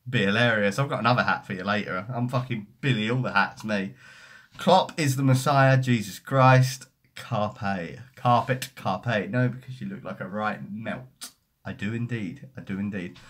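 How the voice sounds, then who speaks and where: A man's voice: medium pitch, a bit bright. A young man hosting a football fan live stream, chatting casually and swearing as he reads comments. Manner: sweary, mocking banter. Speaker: football fan livestream host.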